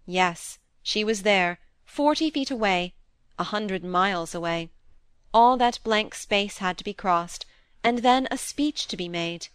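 A woman narrates a classic novel in a measured, expressive way. Her voice is smooth and clear at a middling pitch. She is recorded close on the mic, dry, with no room around her. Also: dry recording. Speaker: audiobook narrator. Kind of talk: scripted narration.

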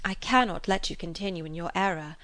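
A woman reading aloud, voicing a lively, proud young gentlewoman heroine, raising her voice for the part. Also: medium pitch, moderate pace, close to an everyday voice. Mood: earnest.

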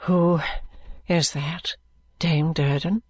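A woman plays a frail young man near death, in a storybook reading. His voice is weak, low and breathy, sinking into whispers, and it sounds dry and close. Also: fairly even intonation, drawn-out words, a little mellow, dry recording, heavily acted.

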